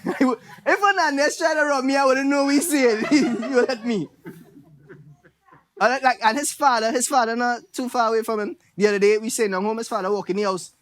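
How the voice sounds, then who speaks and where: A man's voice: extremely high pitch, fairly quick. Trinidadian man doing stand-up. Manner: animated storytelling with impressions of relatives. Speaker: stand-up comedian. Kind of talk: stand-up comedy set.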